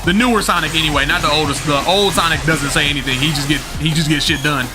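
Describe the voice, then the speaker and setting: A young man with a high voice talks to his stream's chat, rambling casually and slangily with plenty of fillers and the odd swear word. Game music plays clearly underneath. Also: fairly even intonation, fast talker. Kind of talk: live-stream chat with viewers.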